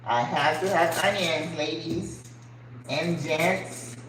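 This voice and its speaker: In a faint-noise, echoey home kitchen, an older woman who hosts a channel cooks and makes casual conversation. She has a low voice and takes her time, speaking with earnest emotion and frequent rhetorical questions.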